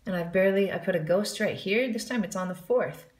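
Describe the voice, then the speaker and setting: A woman's voice: medium pitch, brisk, reverberant. Woman teaching jazz scat singing. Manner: explains, then counts in and scat-sings examples. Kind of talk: music lesson with sung examples.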